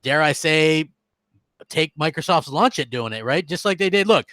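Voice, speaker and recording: A man's voice: fairly high pitch, expressive, moderate pace, fairly bright tone, dry recording. A man co-hosting a casual gaming podcast, opinionated and emphatic, often repeating himself. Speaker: podcast co-host.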